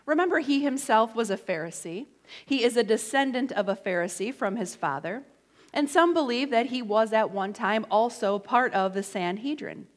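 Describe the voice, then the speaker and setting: A woman preaching a sermon in a lively, conversational way with playful asides. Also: on the high side, normal speed. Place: church sanctuary. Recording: echoey church hall.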